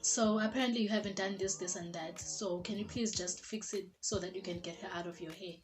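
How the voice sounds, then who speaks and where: A woman voicing her condescending female manager in a cool, quieter, dismissive tone. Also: mid-range voice, fairly even intonation, a little fast, soft background music, close to an everyday voice.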